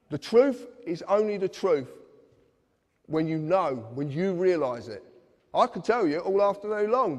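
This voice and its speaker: A man's voice: a little high, darkish tone. Earnest man lecturing in a reverberant hall. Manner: earnest, insistent, addresses listeners directly. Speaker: public speaker. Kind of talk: lecture to a live audience.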